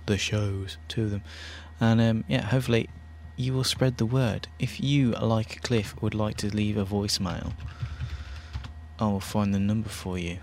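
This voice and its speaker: A man's voice: lowish voice, steady tone, normal speed, darkish tone, a little hiss or hum. A British man hosting an internet radio show, chatting casually in a rambling, self-deprecating way.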